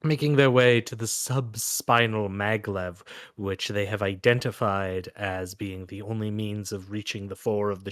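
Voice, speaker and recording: Low-voiced man narrating as game master. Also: fairly bright tone, no room sound, clean studio sound. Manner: measured descriptive narration with small restarts.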